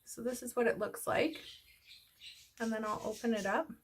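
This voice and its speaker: Here a woman with a voice on the high side talks at a moderate pace over slight background noise. A beauty vlogger, she chats and rambles casually while doing her makeup, a little breathless, in a get-ready-with-me style.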